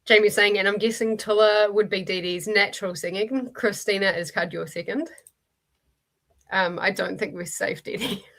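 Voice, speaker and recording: A woman's voice: mid-range voice, normal speed, vocal fry, a bit bright. A woman with a New Zealand accent hosting a reading livestream, chatting and laughing as she reads viewer comments aloud. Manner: chatty, laughs often, restarts and fillers while reading chat aloud. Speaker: streamer hosting a reading sprint.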